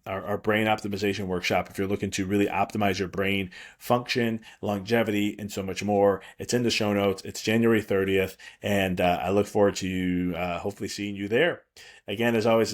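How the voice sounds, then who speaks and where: A man with a fairly low voice hosts his own podcast, speaking as a prenatal chiropractor. He talks loosely and reassuringly, often restarting his sentences and filling pauses as he goes. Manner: rambling, reassuring, frequent restarts and fillers. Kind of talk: solo podcast monologue.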